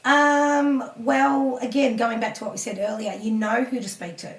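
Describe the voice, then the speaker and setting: A woman coach talking casually on a podcast, animated, laughing often and swearing offhand. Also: on the high side, moderate pace, reverberant, recorded from a distance. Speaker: spiritual empowerment coach, guest.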